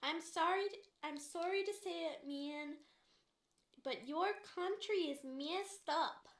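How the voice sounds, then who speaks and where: Woman putting on a teasing Canadian lady cashier, high-pitched, slow and drawn out, roomy echo. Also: exaggerated voice. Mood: scolding.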